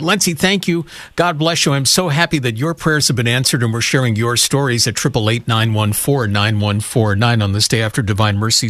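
A man's voice: mid-range voice, a bit bright, no room sound. A man hosting a call-in radio show in an earnest, upbeat way, greeting callers and asking about their stories. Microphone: studio microphone.

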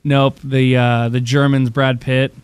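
A man co-hosting a podcast, ranting bluntly in animated casual banter. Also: mid-range voice, measured pace, smooth, dry recording. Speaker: podcast co-host.

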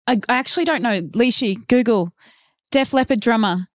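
A woman's voice: fairly high pitch, normal speed, dry recording, studio quality. A woman hosting a casual chat, telling stories with a laugh. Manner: chatty, laughing storyteller.

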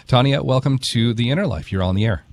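A man's voice: mid-range voice, fast talker, creaky, no echo, studio quality. A man hosting a radio talk show, friendly and conversational as he takes calls. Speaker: radio host.

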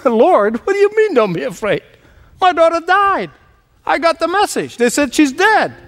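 A man's voice: very high-pitched, big pitch swings, moderate pace, fairly bright tone, in a large hall, voice pushed up, full character voice. A man preacher voicing a desperate middle-aged father, pleading and frantic. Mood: distraught.

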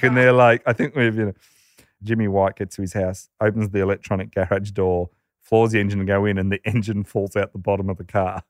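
An Australian podcast storyteller recounts a rowdy anecdote in casual chat, laughing often and acting out the voices of the people involved. His voice is fairly low, level in tone, and brisk, in a dry, studio-quality recording.

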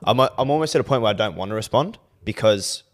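A young man co-hosting a podcast, telling stories in lively, sweary casual chat. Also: fairly low pitch, fast talker. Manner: animated storytelling, swears freely. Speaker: podcast co-host.

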